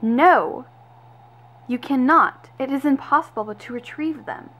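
A woman's voice: high voice, unhurried, fairly bright tone. A woman voicing a fed-up female lab assistant who talks in a raised, indignant way, in amateur doll-video voice acting.

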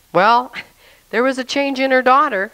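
A woman tells her personal story of faith, earnest and emotional. She talks straight to the listener with a slightly high voice. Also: bright, forceful tone, low-quality recording. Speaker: testimony speaker.

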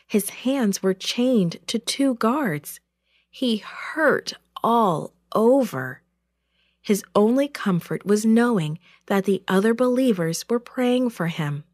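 Slow, expressive woman storyteller. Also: mid-range voice, no echo, studio quality. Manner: expressive, deliberate reading. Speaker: children's church storyteller. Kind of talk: storybook narration.

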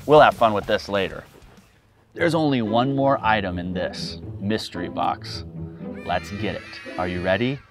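A young woman hosting a children's learning show, speaking slowly and clearly to little kids and breaking into excited exclamations. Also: a bass voice. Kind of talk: playful educational talk to young children. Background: background music.

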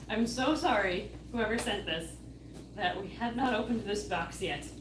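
A chatty, excitable woman co-hosting a casual chat while opening fan mail. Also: mid-range voice, unhurried, echoey room, recorded from a distance, background noise. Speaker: co-host.

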